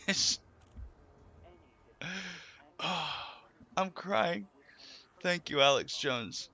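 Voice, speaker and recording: A man's voice: a little high, lively intonation, very slow, creaky, pauses often, bright, forceful tone. A man live streaming, chatting casually in a joking, rambling way. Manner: joking, rambling, laughing often. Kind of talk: casual chat.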